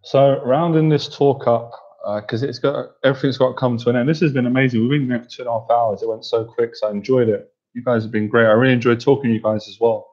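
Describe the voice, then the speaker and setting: A man's voice: medium pitch, steady tone, fast talker, few pauses, a little mellow, dull audio. A man hosting a casual livestream, reading viewer comments and cracking up with laughter, sounding tired. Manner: giggly, keeps cracking up laughing. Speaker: livestream host and coach.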